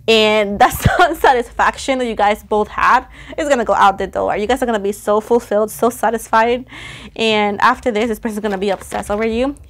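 A woman doing a casual tarot reading to camera, chatty, playful and teasing, getting excited as she goes. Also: mid-range voice, brisk. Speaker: tarot reader.

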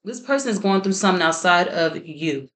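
Tarot reader, woman, lower voice, chatty and prone to laughing. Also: animated, brisk, a bit bright. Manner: chatty, laughs often, prays aloud. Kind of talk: casual tarot reading to camera.

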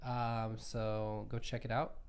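A man co-hosting a podcast live stream, chatting casually in a relaxed, rambling, sleepy way. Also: fairly low pitch, slow, smooth. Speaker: podcast co-host.

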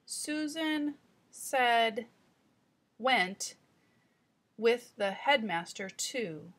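A woman voicing a young girl reading aloud, sounding out words slowly with stops and restarts. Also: on the high side, expressive, fairly bright tone, exaggerated voice. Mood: muddled.

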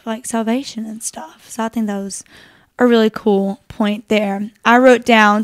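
A young woman co-hosting a faith podcast, talking in an animated, chatty way with lots of fillers. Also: a little high, slow. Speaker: podcast co-host. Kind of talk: casual faith discussion.

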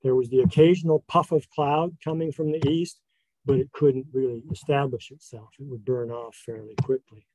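A man giving a casual slide talk as guest speaker, telling a travel story in a relaxed way with many fillers. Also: medium pitch, moderate pace, no room sound, poor audio.

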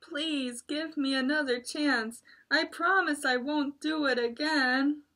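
A woman voicing a greedy, selfish male tiger in a children's story, drawing out his lines slowly and loudly. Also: sits high, voice pushed up, full character voice. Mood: pleading. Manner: slow, drawn-out menacing lines.

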